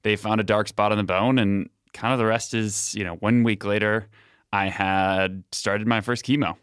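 A man's voice: lowish voice, fairly even intonation, normal speed, fairly bright tone, smooth, no room sound, clean studio sound. A young adult man, a podcast guest telling his story in a plain, matter-of-fact way. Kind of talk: casual interview chat.

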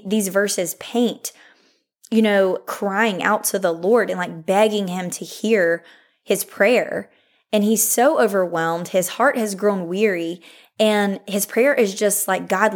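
A woman's voice: medium pitch, slow. Chatty, earnest young woman podcaster. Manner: earnest and chatty, laughs often, says "like" a lot. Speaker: podcast host. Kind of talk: faith-based podcast talk, reading scripture.

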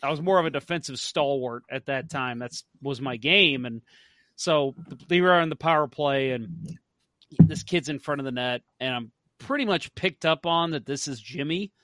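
A man hosting a hockey podcast, telling stories in a casual, animated way and laughing often. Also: a little high, moderate pace, no room sound. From St. Louis area. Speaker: podcast host. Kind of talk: casual chat.

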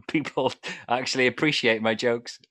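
A man hosting a podcast interview, chatting casually and chuckling often in a relaxed, supportive way. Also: mid-range voice, a little slow, no echo. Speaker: podcast host.

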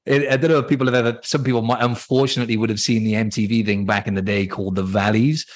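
A man's voice: fairly low pitch, little pitch movement, quick pace. A man from Wales with an accent mixing Welsh and Australian, chatting casually as a podcast guest and laughing easily. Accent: Welsh mixed with Australian. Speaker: podcast guest, fitness coach. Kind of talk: casual interview chat.

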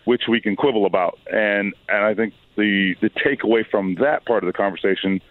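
Hoarse man on a phone line. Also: fairly low pitch, brisk, dry recording. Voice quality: raspy. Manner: thoughtful, hesitant with many fillers and restarts. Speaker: sports reporter guest. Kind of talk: phone-in radio interview.

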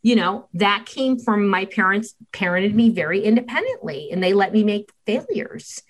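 A woman's voice: medium pitch, normal speed. A middle-aged woman, a child mental health expert, talking in a podcast interview and acting out family conversations as she tells them. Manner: animated storytelling, acting out dialogue.

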